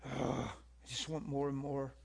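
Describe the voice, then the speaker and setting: A man's voice: mid-range voice, level tone, a little slow, creaky, slightly rough. A man preaching a sermon to a live audience, telling stories and asking the room questions. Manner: storytelling, asks the room questions.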